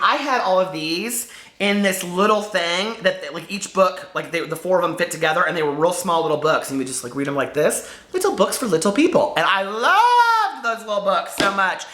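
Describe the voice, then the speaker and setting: A giggly, nostalgic man gushes about childhood favorites in casual chat to camera. His voice is bright and very lively, swinging up and down. The room around him is echoey. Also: high voice, a little fast. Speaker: book vlogger.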